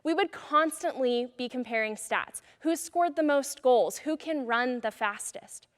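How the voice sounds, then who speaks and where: A high-voiced woman delivers an encouraging youth message as a pastor, casual and earnest. Her voice trails into a long reverb. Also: a little slow, fairly bright tone.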